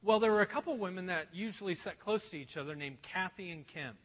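A man pastor telling a story in a sermon, animated and poking fun at himself. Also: high voice, quick pace. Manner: animated, self-mocking storytelling. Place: church auditorium. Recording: dull echoey hall recording.

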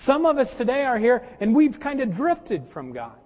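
Male pastor, high-pitched, folksy storytelling sermon; lo-fi sound with long church reverb. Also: wildly swooping pitch, normal speed. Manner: folksy, addresses listeners as folks; personal anecdotes and humor. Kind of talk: conversational sermon. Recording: dull lo-fi with long hall reverb.

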